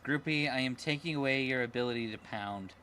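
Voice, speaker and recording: A man's voice: medium pitch, fairly quick, sharp tone, faint music behind. A male streamer giving casual let's-play commentary, crude and jokey, squealing in mock disgust.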